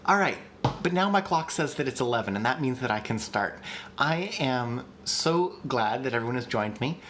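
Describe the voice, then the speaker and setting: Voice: medium pitch, animated, moderate pace, fairly bright tone, a little hiss or hum. Chatty, eager livestream language teacher. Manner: chatty and enthusiastic, with frequent ums and restarts. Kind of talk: casual livestream lesson.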